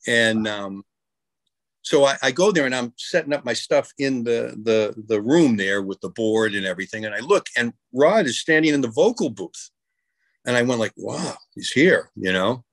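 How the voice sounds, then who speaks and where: A man's voice: medium pitch, animated, normal speed, no echo. A man from New York telling rambling anecdotes with many restarts in a casual interview. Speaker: guest musician.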